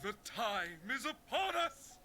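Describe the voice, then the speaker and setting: A woman putting on a shrill, overdramatic spirit voice with exaggerated theatrical exclamations. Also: sing-song, slow, pushed and bright, a little hiss or hum, exaggerated voice.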